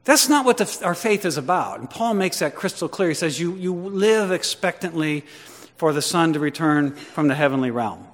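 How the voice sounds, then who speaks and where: Give me a pastor preaching with a slightly high voice, stopping to ask the congregation questions, in a hall with a long reverb. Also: male voice, expressive, moderate pace. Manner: dynamic preaching, rising to loud emphasis and dropping to asides; conversational, with restarts and questions to the congregation. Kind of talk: sermon. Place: church.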